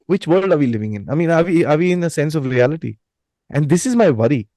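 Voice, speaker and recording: A man's voice: a little high, lively intonation, fast, mellow, no echo, low-quality recording. A man, a guest giving opinions emphatically with rhetorical questions. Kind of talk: opinionated talk.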